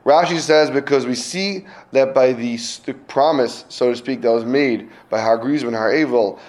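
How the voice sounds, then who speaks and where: A man teaching a casual Talmud class, checking in with his students and acting out little scenes to explain a point. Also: mid-range voice. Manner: lively, questions students, acts out little scenes.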